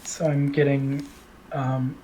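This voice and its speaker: A woman with a very low voice chats as a player at a tabletop game. She is matter-of-fact, with quick asides. A faint hiss sits under her home mic on the call. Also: little pitch movement, dark tone, poor audio. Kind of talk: casual chat at a game table.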